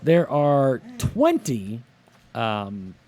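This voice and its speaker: A man's voice: mid-range voice, wildly swooping pitch, drawn-out words, darkish tone, a little hiss or hum. Rambling, crude man co-hosting a podcast. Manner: rambling, crude, jokey, restarts often. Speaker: podcast co-host. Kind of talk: casual podcast banter.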